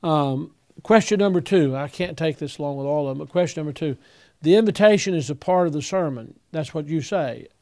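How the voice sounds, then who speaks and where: An older man, a pastor giving earnest, folksy advice to young preachers, halting now and then with fillers. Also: on the high side, warm tone.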